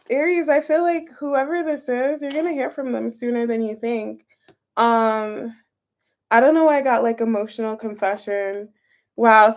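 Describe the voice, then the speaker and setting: A woman's voice: fairly high pitch, a little mellow. A young woman streaming a casual tarot reading from home on a close-up phone camera, chatting to viewers and thinking aloud over the cards. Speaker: tarot reader streaming live.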